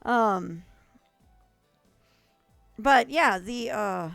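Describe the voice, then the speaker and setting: A woman's voice: medium pitch, very slow, vocal fry, fairly bright tone, dry recording, faint music behind. A young adult woman streamer chatting casually with viewers, gushing and rambling, with frequent coughs.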